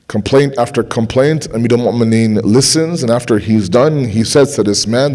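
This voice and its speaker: A man's voice: mid-range voice, normal speed. Impassioned man giving a sermon. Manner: impassioned, repeats phrases for emphasis, drops to quiet intensity. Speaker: speaker at a religious gathering.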